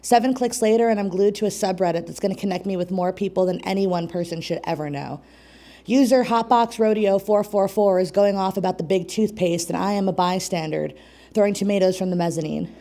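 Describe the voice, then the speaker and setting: A young woman reading her poetry at an open mic, a little out of breath and nervous. She drops in chatty, laughing asides, and her voice sits at an ordinary middle pitch. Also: a little fast, dark tone. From New York State. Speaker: poet and co-host. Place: small community venue.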